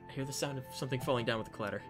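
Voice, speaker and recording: A man's voice: mid-range voice, racing, music in the background. A man reading a visual novel aloud in a dramatic way, slipping in joking asides. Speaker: game narrator.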